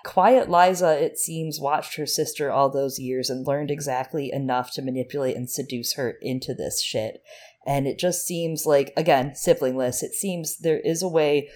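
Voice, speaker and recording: A woman's voice: very deep voice, steady tone, normal speed, darkish tone. A woman co-hosting a podcast, chatting casually with sarcastic asides. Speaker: podcast co-host. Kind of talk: casual book discussion.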